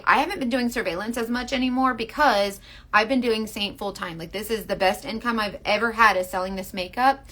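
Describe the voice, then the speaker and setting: A woman's voice: mid-range voice, a bit bright. Chatty woman demonstrating makeup live. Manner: chatty and earnest, talks straight to viewers; rambling, restarts sentences. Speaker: makeup seller.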